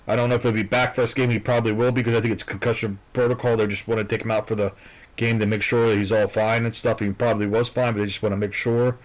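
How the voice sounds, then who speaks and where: A man's voice: mid-range voice, rough recording. A man giving casual football predictions in a rambling, hesitant way, full of fillers and restarts, and blunt and profane at times. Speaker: vlogger giving football picks.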